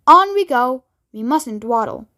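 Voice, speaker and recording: A woman voicing a brisk, eccentric grown man who makes chocolate, urging everyone along in a bouncy storybook reading. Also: high voice, animated, pushed and bright, exaggerated voice.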